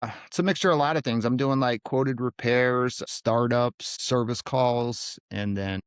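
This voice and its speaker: A man, a guest on a podcast, telling stories in casual chat with quick bursts and jumps in pitch. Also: clean tone, no room sound, studio quality. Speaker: podcast guest, HVAC technician.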